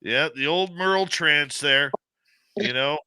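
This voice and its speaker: Radio host guy, animated storyteller, super bright crisp voice. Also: a little high, slow, no room sound. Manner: animated storyteller, laughs easily. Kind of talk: casual radio talk, storytelling.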